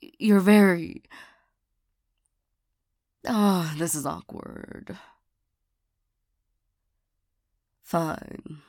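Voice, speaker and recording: A young woman playing the listener's hurt ex-lover turned bodyguard in an audio role-play. She talks haltingly, stammering and sighing often. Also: fairly low pitch, a little mellow, no echo, studio quality. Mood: awkward. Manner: halting, stammering, frequent sighs.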